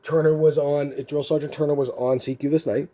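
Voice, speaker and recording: A man's voice: on the high side, flat delivery, brisk, warm tone. A man telling a story casually as a card video host, rambling with lots of fillers and restarts.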